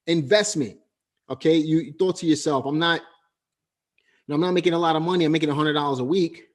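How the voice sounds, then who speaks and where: A man's voice: on the high side, fast talker. A man hosting an interview who recaps the guest's points for viewers and keeps asking "right?". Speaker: host. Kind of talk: interview commentary.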